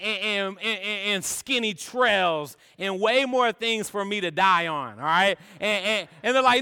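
A young man preaching a sermon, chatty and energetic, tossing in "man" and "all right?" as he tells stories. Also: high-pitched, slow pace, vocal fry, clear, resonant tone. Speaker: pastor. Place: church sanctuary. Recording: long reverb of a church hall.

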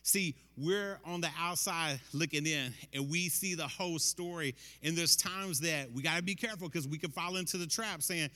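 A man's voice: a little high, normal speed, sharp tone, big-room sound. A man preaching a sermon in a conversational, emphatic way, often tossing in "man" as he drives a point home.

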